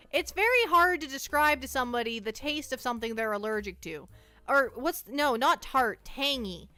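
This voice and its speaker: A woman's voice: high-pitched, bright, forceful tone, no room sound. A young woman streaming, casually chatting with her viewers in a self-mocking, talkative way. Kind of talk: casual livestream chat.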